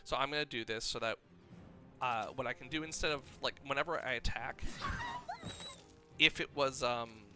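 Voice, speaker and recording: Brief: male streamer, casual play-by-play, explains mechanics out loud, quick excited reactions, middle pitch, game music behind. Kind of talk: casual gameplay commentary.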